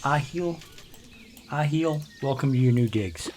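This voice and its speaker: A man's voice: medium pitch, measured pace, darkish tone, a little hiss or hum. An older man, rambling through casual gameplay commentary with grumbling asides. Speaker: let's play host.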